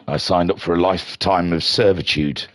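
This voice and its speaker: A man's voice: low voice, normal speed. A man giving playful, jokey live commentary on a sim racing league from home. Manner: playful, jokey, builds to excited shouting at the start. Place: home room.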